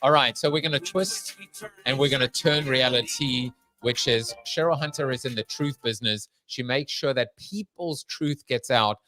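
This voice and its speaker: A man's voice: mid-range voice, moderate pace, bright, forceful tone, soft background music. A man with a Long Island accent hosting an interview podcast, joking and rambling, laughing often. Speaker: podcast host. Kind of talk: casual interview chat.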